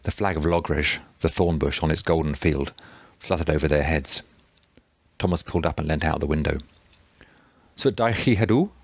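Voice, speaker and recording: Male narrator, very deep voice, dry booth sound, steady reading pace. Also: moderate pace, no room sound. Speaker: audiobook narrator. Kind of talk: scripted narration.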